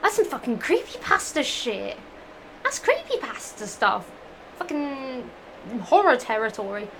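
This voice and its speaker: A woman's voice: high-pitched, sing-song, unhurried, a bit bright, slight background noise, poor audio. A woman reading fan fiction aloud, breaking off into giggly, profane, rambling asides.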